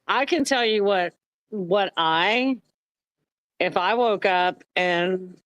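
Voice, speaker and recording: A woman's voice: medium pitch, takes it slowly, dry recording, lo-fi sound. Exasperated woman on a panel. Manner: animated, exasperated. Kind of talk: casual panel discussion.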